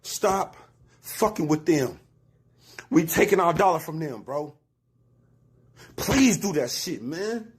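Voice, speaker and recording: A man's voice: on the high side, expressive, slow pace, long pauses, slightly rough. A man in an emotional rant video, upset and pleading, repeating himself heatedly.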